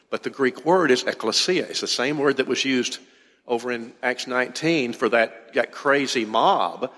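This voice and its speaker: A man's voice: medium pitch, fairly bright tone. Man preaching in a reverberant hall. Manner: explanatory, conversational, asks the congregation questions. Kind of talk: sermon lecture.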